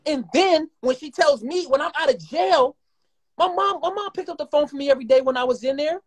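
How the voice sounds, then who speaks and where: A man in his twenties talking heatedly and rapidly as a guest in a live conversation, swearing often and rambling. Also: very high voice. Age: 20s. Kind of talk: emotional live-stream conversation.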